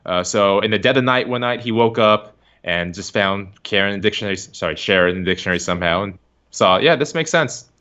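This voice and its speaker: A man hosting a casual podcast chat, rambling and excitable, often laughing. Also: low-pitched, fast talker, smooth. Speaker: podcast host. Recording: dull lo-fi stream recording.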